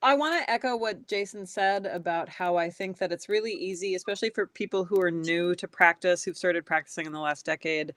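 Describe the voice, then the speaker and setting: A woman in her forties talks on a panel. Her voice sits a little low and she speaks in a measured, dry way. The sound is close and dry, with no room echo. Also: a bit bright. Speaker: panel guest. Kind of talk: casual panel chat.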